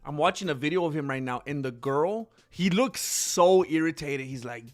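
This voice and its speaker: A man's voice: on the high side, expressive, moderate pace, faint music behind. A man hosting a casual livestream, rambling and talking back to chat comments. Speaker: channel host.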